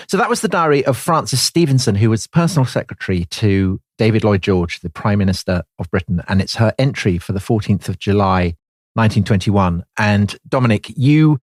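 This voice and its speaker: A man's voice: lowish voice, fairly quick, dry recording, studio quality. A man co-hosting a history podcast, chatting in a wry, teasing way. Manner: wry, teasing, lively banter. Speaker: podcast co-host.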